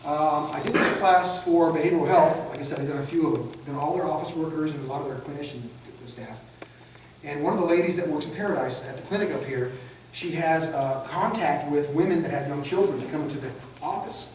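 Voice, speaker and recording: In an echoey room, recorded from afar with slight background noise, a man whose voice is on the high side speaks a little fast. He's teaching de-escalation training, lecturing animatedly and acting out examples in mocking voices.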